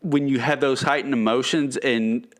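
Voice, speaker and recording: Man, podcast co-host, casual chat, enthusiastic, laughing, mid pitch. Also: fairly even intonation, normal speed. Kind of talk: casual film review chat.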